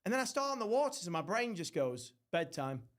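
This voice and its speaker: A young man spins rowdy holiday tales in loose podcast chat. His voice sits slightly high for a man, and he drops into quick impressions of the people he describes. The swearing is constant and casual. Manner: swearing, animated, mimics others. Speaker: podcast host.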